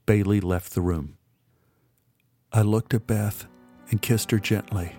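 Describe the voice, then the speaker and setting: A man's voice: lowish voice, fairly even intonation, a little slow, long pauses, warm tone, no echo, studio quality. Man narrating a storybook in first person. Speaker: audiobook narrator.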